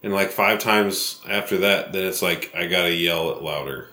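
Deep-voiced sarcastic man in a roomy room. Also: bright, forceful tone. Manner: sarcastic, defensive, quick bursts. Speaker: podcast co-host. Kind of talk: casual bickering chat. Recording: roomy home recording, faint hiss.

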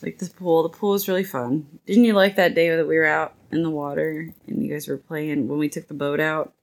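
A woman in her thirties chatting casually as a podcast co-host, laughing easily and hesitating over quick answers. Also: low voice, fairly even intonation, vocal fry. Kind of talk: casual chat.

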